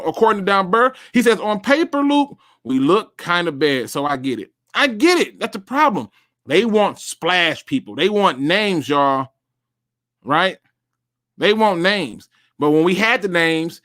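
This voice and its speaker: A man hosting a solo sports talk show, speaking straight to his viewers and reacting as he reads. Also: high-pitched. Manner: animated, talks to viewers directly, reads out and reacts.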